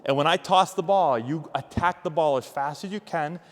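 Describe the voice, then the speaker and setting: A man's voice: on the high side, moderate pace. Guy coaching agility drills, upbeat and encouraging, bit breathless, echoey. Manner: energetic, encouraging coaching cues. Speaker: baseball coach. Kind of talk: outdoor drill demonstration.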